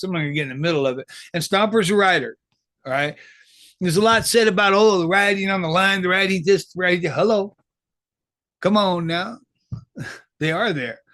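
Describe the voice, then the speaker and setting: Man, casual commentary, rambling and profane, street slang, a bit high voiced. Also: a bit bright, dry recording, clean studio sound. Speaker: formerly incarcerated commentator.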